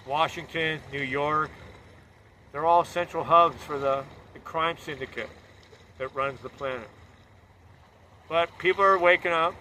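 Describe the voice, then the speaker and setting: A man's voice: on the high side, pushed and bright, a little hiss or hum. A man delivering a fervent, preachy political monologue.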